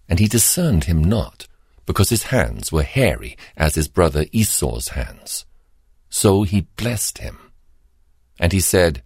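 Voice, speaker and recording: A man reading scripture aloud in a measured, formal cadence. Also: low-pitched, big pitch swings, darkish tone, breathy edge, no room sound, clean studio sound. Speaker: scripture reader.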